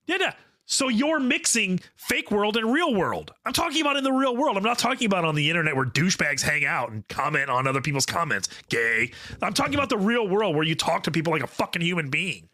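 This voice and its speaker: Bright, high, defensive laughing man. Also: sing-song, quick pace. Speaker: podcast co-host. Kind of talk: casual crude banter.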